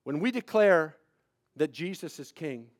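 A man's voice: on the high side, lively intonation, unhurried. A man pastor preaching a sermon, shifting between conversational storytelling and emphatic preaching.

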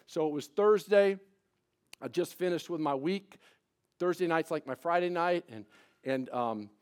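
A man pastor preaching a sermon, shifting between conversational storytelling and emphatic preaching. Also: medium pitch.

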